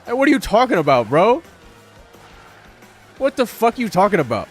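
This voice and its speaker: A man with a high voice streams a game live. He rambles to his viewers, swearing freely and dripping with sarcasm. Faint music plays behind him. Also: big pitch swings, moderate pace, breathy edge. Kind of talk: live-stream commentary while gaming.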